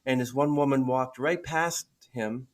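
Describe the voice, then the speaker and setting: A man hosting a podcast, chiming in with lively, animated retellings of stories. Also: mid-range voice, a little slow. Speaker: podcast host. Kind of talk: podcast conversation.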